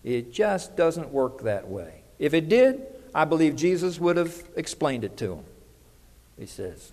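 A man's voice: fairly high pitch, very animated, a little slow, a little mellow, in a large hall. A middle-aged man preaching a conversational sermon as pastor, often putting questions to the congregation.

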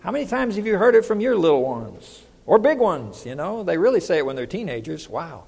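High-voiced pastor preaching in a hall. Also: male voice, very animated, a little fast, gravelly, darkish tone, slightly rough. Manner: conversational, asks the congregation questions. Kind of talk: sermon.

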